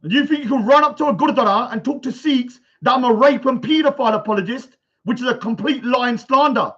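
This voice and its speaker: A high-voiced man rants on a livestream, loud and confrontational, hammering the same phrases again and again. The sound is dull and lo-fi, as from a basic home setup indoors. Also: fast talker, slightly rough. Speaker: livestream host. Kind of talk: ranting livestream chat. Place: indoors at a bungalow.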